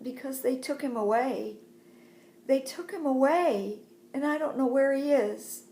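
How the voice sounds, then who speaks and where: A woman's voice: medium pitch, unhurried, mellow, roomy sound, a little hiss or hum, close to an everyday voice. A woman voicing a grieving woman disciple who pleads urgently, in a Bible story told to children. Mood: pleading.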